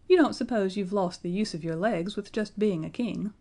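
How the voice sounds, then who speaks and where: A brisk old nursemaid, fussy and fond, giving orders to a child in a storybook, as a woman puts her on. Her tone stays mellow and low-key. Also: lightly acted.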